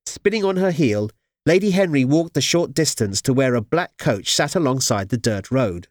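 Here a man narrates an audiobook with lively, expressive storytelling. His mid-range voice moves at normal speed, captured in a clean, dry studio recording.

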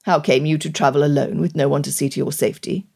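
Woman doing a weary, impatient gentleman. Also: deep voice, steady tone, fast, vocal fry, slightly rough, pitched below the performer's own voice, heavily acted. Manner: clipped, sighing, impatient.

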